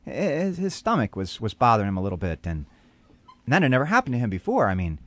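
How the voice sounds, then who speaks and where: A pastor telling a dramatic story on a radio program, animated and full of repetition. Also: male voice, medium pitch, fast talker, dry recording.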